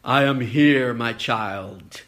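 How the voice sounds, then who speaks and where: A man acting out a calm divine voice answering from heaven in a sermon joke, speaking slowly and solemnly. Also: mid-range voice, voice pushed down. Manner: slow, solemn, reassuring.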